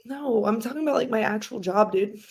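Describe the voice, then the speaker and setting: Casual podcast chat, young woman, slightly high voice, loud and laughing. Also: brisk, slightly rough. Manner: loud, animated storyteller who laughs often. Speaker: podcast co-host.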